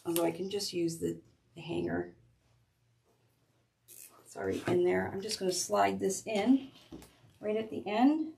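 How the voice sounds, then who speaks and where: A middle-aged woman talks through a craft project in a loose, chatty way, stopping and restarting her sentences while her hands stay busy. Her voice sits at an ordinary middle pitch for a woman. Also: animated, unhurried, gravelly, long pauses, dark tone, a little hiss or hum. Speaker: craft tutorial host. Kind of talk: casual step-by-step craft demonstration.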